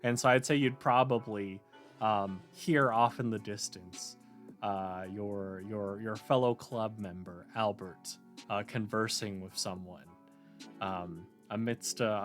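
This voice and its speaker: A man's voice: lowish voice, measured pace, a bit bright, soft background music. A man narrating a tabletop game as game master, hesitant and full of fillers. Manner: hesitant, many fillers and restarts.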